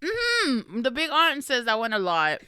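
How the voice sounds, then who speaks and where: A woman's voice: high-pitched, huge pitch swings, unhurried, sharp tone, smooth, dry recording, clean studio sound. A woman hosting a podcast, chatting casually and laughing often as she recaps a book. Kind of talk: casual chat.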